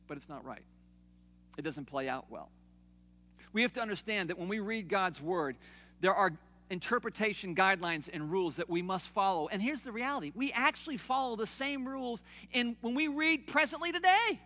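A man preaching a sermon in a conversational way, swinging from loud emphatic peaks to soft low asides, in a church. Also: expressive, moderate pace. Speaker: pastor. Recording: long hall reverb.

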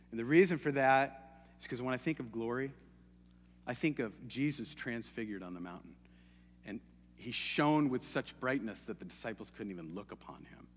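A man's voice: medium pitch, in a large hall, slight background noise. A man preaching a sermon in an earnest, hesitant way, often restarting his sentences.

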